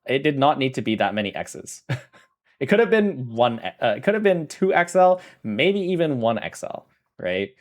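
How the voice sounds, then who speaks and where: A man's voice: mid-range voice, very animated, normal speed. A man chatting casually on a livestream, rambling through a story, correcting himself often and laughing. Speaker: streamer.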